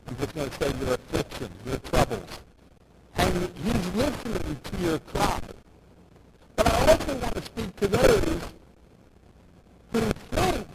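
A man preaching a sermon, emphatic, repeating phrases for stress. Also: a little high. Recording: loud background noise.

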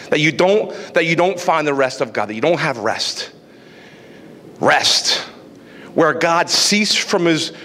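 A man's voice: a little high, fairly bright tone. A man preaching a sermon, switching into quoted inner voices to make his point. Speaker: pastor. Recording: long hall reverb.

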